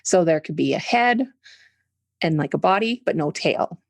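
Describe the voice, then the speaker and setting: A woman's voice: fairly low pitch, expressive, moderate pace, gravelly, no room sound. A Canadian woman in her forties, a podcast guest talking openly and explaining each step, with a slight tickle in her throat. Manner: open, candid, explains step by step. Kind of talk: conversational interview.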